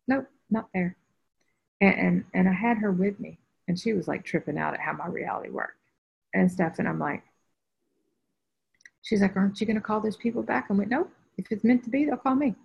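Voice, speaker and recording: A woman's voice: medium pitch, moderate pace, vocal fry, pauses often, husky. A woman spiritual teacher telling a personal story on a group video call, acting out the voices she quotes. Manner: animated storyteller who acts out quoted voices. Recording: dull lo-fi video call audio.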